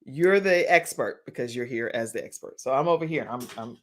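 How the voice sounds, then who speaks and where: A woman hosting a talk show, lively and playful, laughing often as she talks with her guest. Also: rumbling low, fairly quick, background noise.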